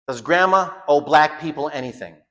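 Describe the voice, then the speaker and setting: A man's voice: a little high, moderate pace, sharp tone. A man giving an informal home school lecture, blunt and emphatic, often repeating phrases for stress.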